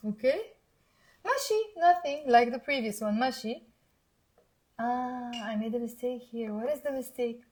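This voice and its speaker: A young woman with a Lebanese accent teaching Arabic in a live online lesson, repeating words slowly and quizzing her listeners. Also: fairly high pitch, darkish tone.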